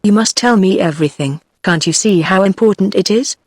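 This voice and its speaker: A composed, sharp-witted young secretary speaks briskly and firmly, voiced by a synthetic British woman. Her pitch is middling, and the sound is close and bone-dry. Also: no echo, close to an everyday voice. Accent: British English. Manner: brisk, firm.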